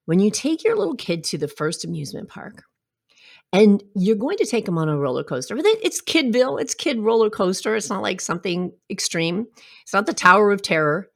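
A woman's voice: mid-range voice, big pitch swings, brisk, creaky. A middle-aged woman giving a heartfelt, reflective personal talk and telling stories with asides. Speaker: self-help speaker.

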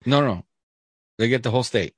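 Rambling podcast host, dry close sound. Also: male voice, mid-range voice, fairly quick, breathy edge, no echo. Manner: rambling, reads listener emails aloud. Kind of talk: casual chat.

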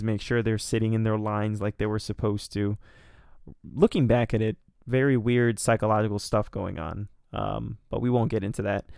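Young guy rambling thru a funny story, swears a lot, smooth clear voice, dry close sound. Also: medium pitch, no room sound. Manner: rambling, profane, self-deprecating storytelling. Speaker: podcast co-host. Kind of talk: casual storytelling chat.

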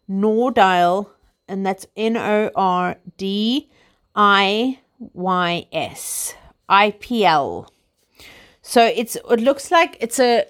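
Chatty South African woman in her thirties. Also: medium pitch. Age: 30s. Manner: chatty, rambling, many fillers like "you know" and "like". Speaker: vlogger. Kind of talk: casual chat to camera.

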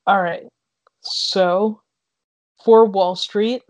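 A man's voice: high-pitched, fairly even intonation, very slow, dry recording. A man co-hosting a casual podcast, easygoing and hesitant, often thinking aloud. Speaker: podcast co-host.

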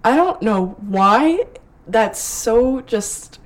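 A young woman co-hosting a casual podcast chat, her voice sitting a little high. She is giggly and agreeable, quick to pile on with her co-host. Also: animated.

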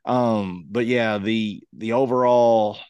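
Man, low voice, rambling casual podcast talk, dry close sound. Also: fairly even intonation, takes it slowly, darkish tone, smooth, no echo, muffled recording. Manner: rambling, many fillers and restarts. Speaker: podcast co-host. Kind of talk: casual chat.

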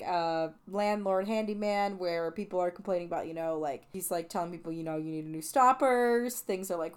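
A woman's voice: on the low side, darkish tone, clean tone. A young woman hosting a podcast, talking through a film in a casual, chatty way with lots of "like" fillers. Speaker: podcast host. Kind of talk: casual film review monologue.

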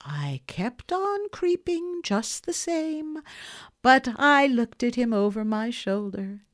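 A woman giving a dramatic first-person reading of a short story, moving between hushed and intense. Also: fairly high pitch, very animated, slow pace. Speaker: audiobook narrator.

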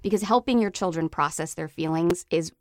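A woman in her thirties hosting a parenting podcast, explaining advice to parents in an earnest, steady way. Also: fairly low pitch, fairly quick, dry recording, studio quality.

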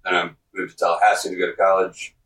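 Laid-back southern guy on a video call, real deep voice, sounds roomy and a bit far off. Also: monotone, fast talker, fairly bright tone, a little hiss or hum. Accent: light Southern American. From Southeastern United States. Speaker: podcast guest. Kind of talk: casual chat.

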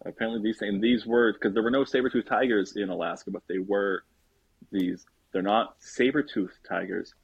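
A man's voice: lowish voice, steady tone, normal speed, gravelly, slightly rough, no room sound. A man co-hosting a casual podcast, hesitant with lots of fillers. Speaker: podcast co-host. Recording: dull dry mic sound.

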